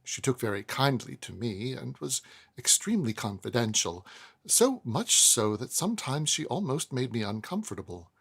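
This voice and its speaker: Gravelly, expressive man reading a classic novel. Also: medium pitch, moderate pace. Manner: expressive, chatty asides. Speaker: audiobook narrator. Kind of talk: cold-read classic novel narration.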